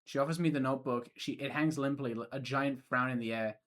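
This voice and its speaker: A young man on a stream reads a visual novel aloud, narrating as the protagonist. He keeps breaking off with joking, profane asides in a middle-pitched voice. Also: fairly even intonation, fairly quick, a bit bright.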